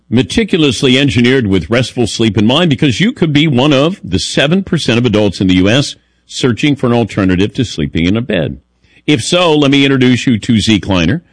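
A man hosting a sports radio show, teasing his co-hosts in a wry, lively way and reading an ad. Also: mid-range voice, fairly quick, no room sound. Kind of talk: casual radio talk and read ad.

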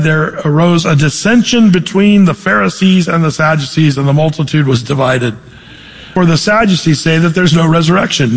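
Pastor guy, pretty high voice, chatty bible teaching, lots of echo in the hall. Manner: conversational, asks the room questions, reads scripture aloud. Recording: long hall reverb.

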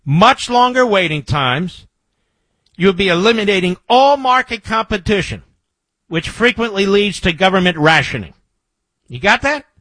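Emphatic high-voiced radio host, man. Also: bright, forceful tone, no echo. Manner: emphatic, repeats key phrases for effect. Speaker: radio talk show host. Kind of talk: talk radio monologue.

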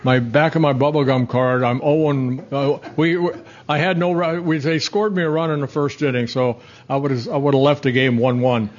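A man in his seventies from the Netherlands, a former pitcher telling rambling, self-correcting stories in an interview. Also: steady tone, normal speed, highs cut off. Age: 70s. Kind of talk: casual storytelling interview.

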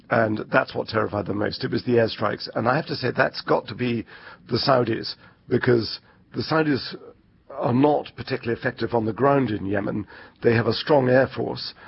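A man reporting as a foreign correspondent, first in a packaged news report and then live, with measured delivery and frequent ums when answering. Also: medium pitch, vocal fry. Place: outdoors by the sea. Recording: dull lo-fi broadcast audio with faint crowd.

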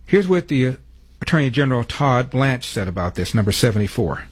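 A man hosting a talk radio show, reading phone numbers and sponsor plugs before introducing clips in a brisk commentary. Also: medium pitch, breathy edge, dry recording.

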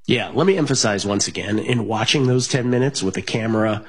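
A man's voice: lowish voice, lively intonation, fairly quick, slightly rough. A man hosting a sports betting radio show, talking casually with plenty of fillers and restarts. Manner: rambling, many fillers and restarts.

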